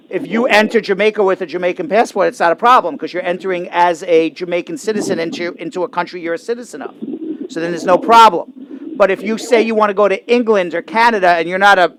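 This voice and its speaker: A man's voice: sits high, a bit bright, a little hiss or hum. A man hosting a call-in legal advice show, explaining emphatically and repeating his points.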